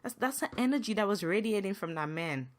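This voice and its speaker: Woman ranting solo on her podcast, emphatic, keeps repeating herself, goes higher when worked up. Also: animated, brisk. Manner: emphatic, repetitive, rises in pitch when upset. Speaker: podcast host. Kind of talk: solo podcast monologue, venting.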